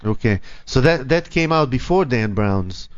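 A man hosting a radio talk show in casual on-air chat, hesitant with frequent pauses and restarts. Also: medium pitch, lively intonation. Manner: hesitant, many ums and restarts. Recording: dry, dull lo-fi studio audio.

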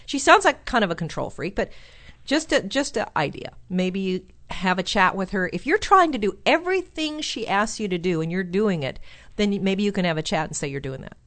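A woman's voice: medium pitch, sing-song, a little fast, fairly bright tone. A woman hosting a call-in advice show, coaching a caller and suggesting what he could say.

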